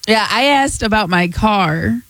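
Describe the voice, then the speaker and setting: A woman's voice: mid-range voice, expressive, a little slow, fairly bright tone, dry recording. Chatty woman co-hosting a talk show. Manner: chatty, laughs easily. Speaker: radio show co-host. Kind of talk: casual chat.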